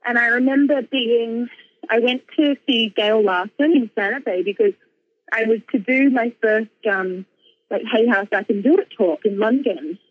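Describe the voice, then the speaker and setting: A woman author and speaker telling a personal story in casual conversation, animated, with lots of fillers and laughs. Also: fairly high pitch, moderate pace, slightly rough, narrow, tinny audio.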